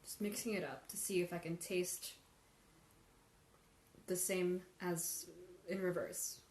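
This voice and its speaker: A woman's voice: fairly low pitch, steady tone, slow pace, a little mellow, slight background noise. A woman hosting a live tea tasting, thinking aloud as she compares infusions and answers viewer questions. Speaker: tea livestream host. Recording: roomy livestream audio with faint ambience.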